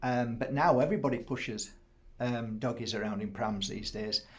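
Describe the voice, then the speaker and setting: A man's voice: mid-range voice, normal speed. A middle-aged man chatting casually to camera as host, rambling, laughing often and breaking off to fuss over his dog.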